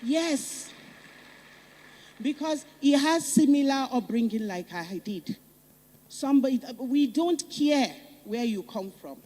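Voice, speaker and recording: A woman's voice: high-pitched, lively intonation, slow, dark tone. A woman with a Nigerian accent giving a fervent public speech, repeating phrases for emphasis. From northern Nigeria. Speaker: summit speaker. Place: conference hall. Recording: reverberant conference hall.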